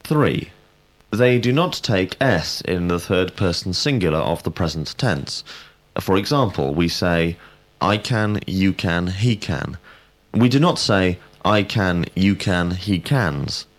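A man giving a scripted grammar lesson, speaking in a measured, precise way and prompting answers. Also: sits low, expressive. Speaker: language teacher.

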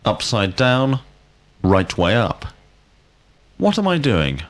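A male language teacher, asking drill questions slowly and clearly. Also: lowish voice, wildly swooping pitch. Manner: slow, deliberate, clearly enunciated questions. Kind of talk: scripted drill lesson.

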